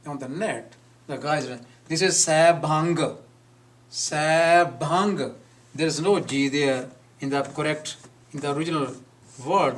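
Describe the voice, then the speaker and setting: Slow, deliberate professor. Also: male voice, on the high side, fairly bright tone, far from the mic. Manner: slow, deliberate, repeats words to model pronunciation. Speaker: professor teaching a class. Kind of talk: live classroom lecture on pronunciation. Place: classroom.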